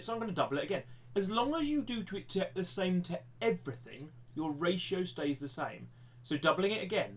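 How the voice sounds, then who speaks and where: Chatty male maths teacher, slightly high voice. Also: a bit bright. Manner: chatty, self-deprecating, thinks aloud with restarts. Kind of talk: live-streamed maths lesson.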